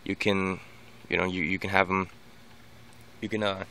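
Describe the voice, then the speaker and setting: A deep-voiced man speaks at normal speed with a level, sharp tone while a faint hiss or hum sits underneath. He's a dog owner casually sharing training tips in an off-the-cuff vlog monologue, full of restarts and repeated words.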